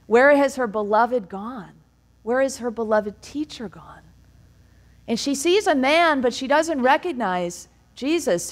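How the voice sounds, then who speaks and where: A woman minister giving an Easter sermon in a church, telling stories and briefly voicing the people in them, with gentle laughs. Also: mid-range voice, creaky. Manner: storytelling, acts out quoted lines, gentle laughs. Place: church sanctuary.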